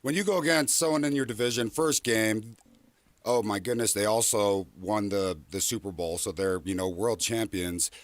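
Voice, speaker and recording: A man's voice: lowish voice, moderate pace, no echo. Laid-back folksy man on sports radio. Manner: laid-back, folksy storytelling with many fillers. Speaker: former pro football player, co-host. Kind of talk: casual sports radio chat. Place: radio studio.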